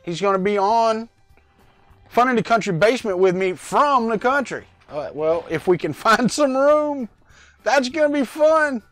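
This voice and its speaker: A middle-aged man with a high, light voice chats loosely on a home livestream, wandering off topic and calling out viewers by name. His voice is close and dry on a clip-on mic, with faint music underneath. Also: expressive, normal speed, a bit bright, dry recording. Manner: rambling, chatty, greets viewers by name. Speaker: livestream host. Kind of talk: casual live-chat vlog. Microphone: lavalier mic.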